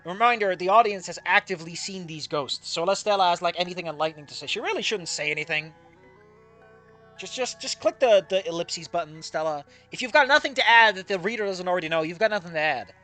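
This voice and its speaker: A host reading fan fiction aloud and giving sarcastic, exasperated commentary, swearing, laughing and trailing off into quiet asides. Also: mid-range voice, lively intonation, fast, soft background music. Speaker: fan fiction reader and critic.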